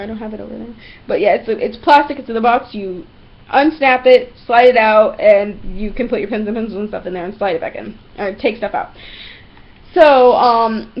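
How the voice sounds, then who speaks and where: A woman's voice: a little high, dull audio. Blunt, profane young woman vlogging. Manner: blunt, profane, animated storytelling. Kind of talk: casual ranting monologue to camera.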